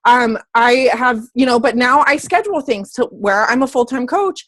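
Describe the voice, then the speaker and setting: Chatty excitable lady coach hyping up her team, kinda high voice, dry close sound. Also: normal speed, dry recording. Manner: bubbly and chatty, with frequent self-corrections; excitable, squeals when happy. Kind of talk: casual motivational talk to a team.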